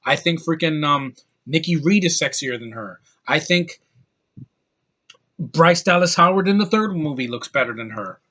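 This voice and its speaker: Ranting man with a bright, tense voice. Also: a little high, animated, normal speed. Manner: heated, blunt, repeats and restarts words. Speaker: movie reviewer. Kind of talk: casual ranting film review.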